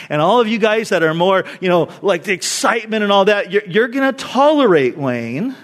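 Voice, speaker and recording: A man pastor giving a sermon, talking in a conversational, animated way and telling stories with asides to the congregation. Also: high-pitched, normal speed.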